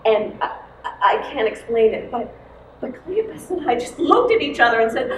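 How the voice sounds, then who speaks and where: A woman retelling a Bible story in the first person, expressive with dramatic pauses, as in a church service. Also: fairly high pitch. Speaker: worship storyteller. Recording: echoey room, mic far off, noisy.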